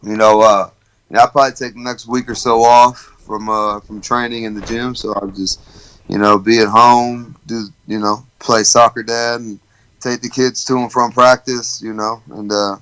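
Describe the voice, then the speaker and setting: A man's voice: lowish voice, level tone, normal speed, fairly bright tone, smooth, low-quality recording. A man, a guest in a casual interview, talking in a laid-back, joking way. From Alabama, USA. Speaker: professional fighter, guest.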